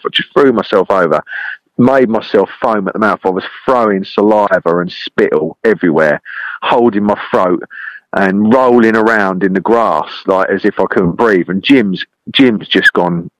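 A man telling a long anecdote, rambling and animated, with a lot of "I said". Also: low-pitched, no room sound, low-quality recording. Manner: lively, rambling with many "I said" repeats. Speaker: podcast guest. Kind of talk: anecdote storytelling.

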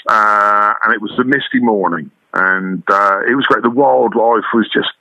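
A man's voice: on the low side, moderate pace, gravelly, sharp tone, no echo, rough recording. An Englishman reminiscing casually, hesitant and thinking aloud as he talks. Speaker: podcast guest.

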